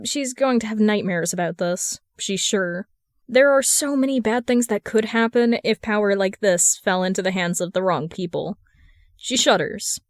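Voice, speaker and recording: A woman reading a fan fiction audiobook in a steady, even narration. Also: mid-range voice, moderate pace, no echo, clean studio sound. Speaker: podfic reader.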